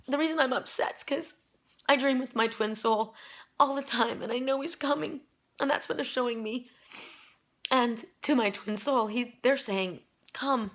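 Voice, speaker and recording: Here a middle-aged oracle card reader, her voice a little high, fairly bright and moderately paced, does a reading for viewers in a spiritual video. Her delivery is emotional and sincerely convinced, with frequent false starts and restarted phrases.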